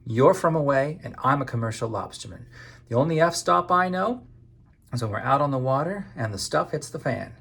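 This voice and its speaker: A man's voice: mid-range voice, animated, normal speed, vocal fry, a bit bright, slightly rough, voice pushed up, exaggerated voice. A man voicing a blunt woman lobster fisher. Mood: wry. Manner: blunt, wry.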